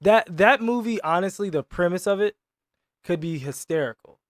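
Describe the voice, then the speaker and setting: Male co-host, a bit higher pitch, dry sound, laughing interjections. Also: animated, normal speed, no echo. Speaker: sports show co-host. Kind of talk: casual sports chat.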